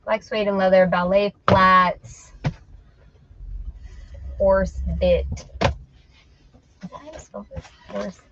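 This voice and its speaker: A middle-aged woman hosts a casual reselling live stream, chatty and playful as she teases her viewers. Her voice sits at an ordinary pitch. The recording sounds a little dull and muffled. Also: flat delivery, takes it slowly, pauses often, noisy background. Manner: chatty, playful, teasing the audience. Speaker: host of an online reselling show. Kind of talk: casual live-stream chat while listing items.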